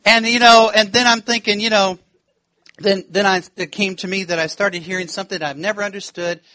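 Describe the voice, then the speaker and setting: In a dry recording, a man from the United States delivers a church sermon with an animated, laughing story. His voice sits high and moves a little quickly, and he performs the quoted voices himself.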